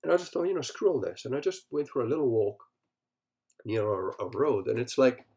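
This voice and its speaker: A man's voice: mid-range voice, lively intonation, a little fast, darkish tone. A middle-aged man hosting a solo podcast, talking bluntly and profanely, telling stories and acting out what people said. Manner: profane, blunt, storytelling with acted-out quotes. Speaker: podcast host.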